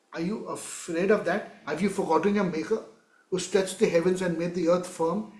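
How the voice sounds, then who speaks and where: A man's voice: high voice, a little mellow, reverberant. A man teaching a Torah class, emphatic, repeating words and moving between Hebrew verses and English.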